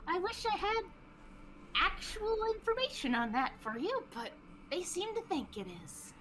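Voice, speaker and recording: A woman's voice: very high-pitched, sing-song, unhurried, a bit bright, a little hiss or hum, voice pushed up, exaggerated voice. A woman voicing an exasperated female fox-spirit innkeeper who scolds sharply. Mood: weary.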